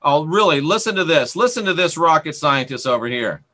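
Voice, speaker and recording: Guy hosting a live stream, sarcastic, scolds and bans rude chatters, bright sharp voice. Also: fairly high pitch, lively intonation, fairly quick. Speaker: channel host. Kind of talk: live stream chat, reading viewer comments.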